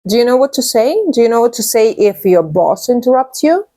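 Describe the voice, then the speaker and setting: A woman teaching a business English lesson to learners, speaking clearly and patiently and repeating each model phrase. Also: a little high, expressive, brisk, mellow.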